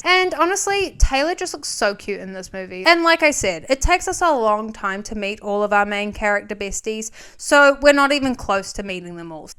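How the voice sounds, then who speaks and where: High-voiced chatty woman vlogger. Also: fairly bright tone, clean tone. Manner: chatty, sarcastic, digressive. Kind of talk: casual movie recap.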